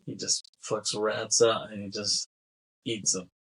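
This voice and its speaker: A man's voice: on the low side, level tone, unhurried, fairly bright tone, slightly rough, rough recording. A man co-hosting a film podcast, chatting casually and laughing often as he retells scenes. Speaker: podcast co-host. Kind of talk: casual film-discussion chat.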